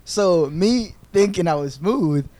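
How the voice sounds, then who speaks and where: A young man hosting a podcast, telling a story in casual chat, animated, with swearing and laughter. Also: high-pitched, slow pace. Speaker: podcast host. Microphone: podcast microphone.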